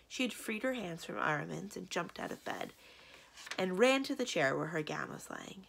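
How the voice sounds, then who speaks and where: Expressive woman reading a storybook aloud. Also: fairly low pitch, normal speed, gravelly, husky. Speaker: librarian. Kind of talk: children's read-aloud narration.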